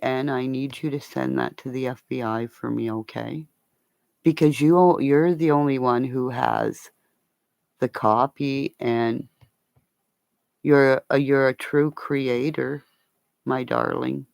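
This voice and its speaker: Speaking slowly in a low voice heavy with gravelly fry, a Northern Ontario woman chats her way through a livestream, cursing freely and addressing viewers by name and with pet names. The sound is dry, close and free of echo.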